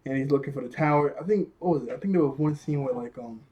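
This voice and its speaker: A young man with a mellow voice that sits a little high recaps a cartoon episode. He keeps breaking into laughter and fills his retelling with slang and fillers. He sounds relaxed and chatty throughout. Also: fast talker, husky, highs cut off. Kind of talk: casual episode review recap.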